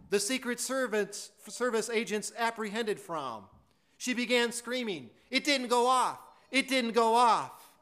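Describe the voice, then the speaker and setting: A man delivering a sermon in a high voice that lifts his words. He tells the story earnestly and leans on the points he wants to land. His tone is bright and forward, with a stumble here and there. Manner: earnest, emphatic storytelling with some stammered restarts. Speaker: preacher.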